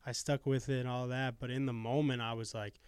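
A man's voice: mid-range voice, little pitch movement, fairly quick, darkish tone, smooth, no echo. A man in his twenties, a podcast guest talking in a casual, earnest and reflective way and swearing now and then. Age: 20s.

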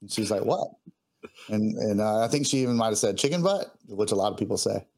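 A man's voice: fairly low pitch, fairly even intonation, fast talker, darkish tone. A man, a guest musician, telling a personal story in an earnest, heartfelt way, often stopping and restarting as he gets emotional.

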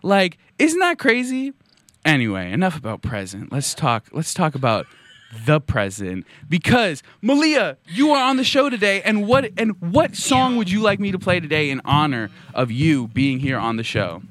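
A man's voice: a little high, animated, normal speed, a bit bright. A young man hosting a casual, joking podcast in a college radio studio, rambling through playful stories into a studio mic. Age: young adult. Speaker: podcast host. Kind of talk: casual comedic chat. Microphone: studio microphone.

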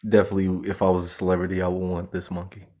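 A man's voice: low voice, completely flat delivery, racing, warm tone. A man co-hosting a casual podcast chat, playfully reading out headlines and laughing easily. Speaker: podcast co-host.

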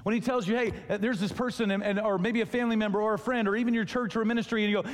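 A pastor delivering a sermon, telling a story with lively acted-out dialogue. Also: male voice, high voice, racing. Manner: animated storytelling, acting out dialogue. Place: church auditorium. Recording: long reverb of a large hall.

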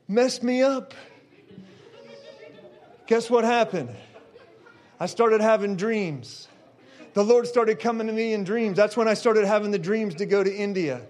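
A middle-aged man preacher telling a personal testimony, animated, building to shouts. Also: high voice. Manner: animated storyteller, shouting at the climax.

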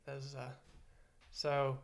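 A man's voice: mid-range voice, completely flat delivery, takes it slowly. A man co-hosting a casual podcast, reading news headlines aloud as a teasing quiz-master. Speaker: podcast co-host.

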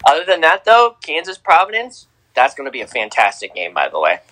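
Young male sports co-host, excitable, punchy repeats, fairly high voice. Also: brisk, rough recording. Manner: excitable, repeats himself for emphasis. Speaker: podcast co-host. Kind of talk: casual sports talk.

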